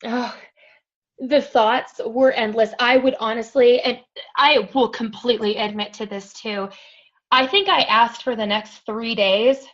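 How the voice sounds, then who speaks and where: A woman's voice: fairly high pitch, steady tone, a little slow, a bit bright. Earnest woman guest, many um fillers. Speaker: podcast guest. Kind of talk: personal story in conversation. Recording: dull lo-fi audio.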